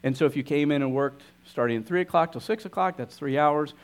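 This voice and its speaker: Young guy pastor preaching, chatty, slightly high voice, quizzes the crowd. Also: fast talker. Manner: conversational teaching with scripture reading; asks the audience questions. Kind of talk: sermon.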